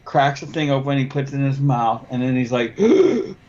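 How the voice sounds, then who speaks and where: A man in casual podcast chat, telling a crude, animated anecdote. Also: medium pitch, brisk, dull audio.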